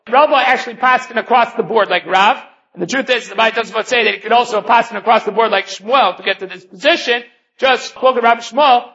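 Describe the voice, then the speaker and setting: Guy teaching talmud, explains it bit by bit with hebrew and aramaic bits, bright edgy voice, kinda muffled recording. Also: very high-pitched. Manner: explains step by step, mixing Hebrew and Aramaic terms. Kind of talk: daily Talmud lesson. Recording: dull lo-fi recording.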